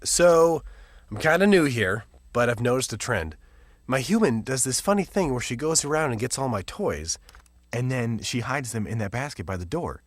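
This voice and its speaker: A man's voice: medium pitch, expressive, moderate pace, dry recording, close to an everyday voice. A man voicing a young pet dog in a scripted ad, chatting in an amused, complaining way about his owner. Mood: amused, exasperated. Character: young male pet dog, new home, wry and bemused. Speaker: ad character. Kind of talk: scripted ad voice-over.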